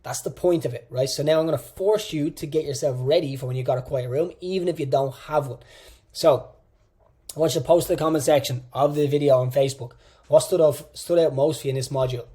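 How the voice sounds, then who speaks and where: Quick-paced, fairly high, warm and with a breathy edge, a fitness coach's voice carries his online coaching course lecture. His teaching is casual and direct, leaning on repeated phrases for emphasis.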